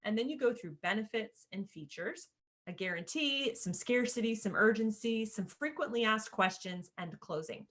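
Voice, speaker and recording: A woman's voice: medium pitch, normal speed, fairly bright tone. Woman presenting a screen-share lesson, chatty and casual, speaks straight to her viewers. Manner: chatty, addresses viewers as "you guys", casual asides. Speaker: course creator teaching sales page design.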